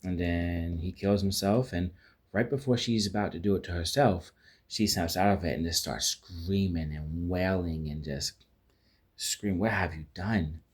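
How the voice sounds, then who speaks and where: A man's voice: deep voice, a little slow. A man giving a casual spoken film review, rambling with frequent restarts and fillers and acting out quoted lines as he retells scenes.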